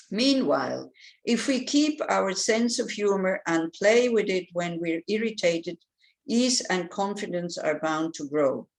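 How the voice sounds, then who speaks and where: A woman's voice: mid-range voice, rough recording. A middle-aged woman, a Buddhist nun, giving a conversational dharma teaching with asides and acted-out inner voices. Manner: animated, acts out inner voices.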